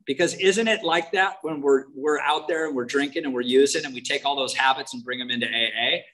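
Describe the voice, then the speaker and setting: A man's voice: mid-range voice, fairly bright tone, low-quality recording. Wry candid man sharing his recovery story. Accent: Californian. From United States. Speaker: main speaker at a recovery meeting. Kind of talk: personal recovery talk.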